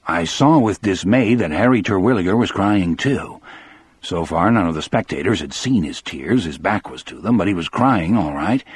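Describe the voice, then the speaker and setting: A man narrating an audiobook in the first person, with measured storytelling. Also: low-pitched, slightly rough, no room sound.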